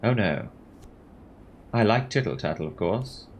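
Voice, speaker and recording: A man's voice: fairly low pitch, very animated, unhurried, creaky, slight background noise, exaggerated voice. A man voicing a sly, gossipy genteel older woman who talks in a prim, confiding sing-song.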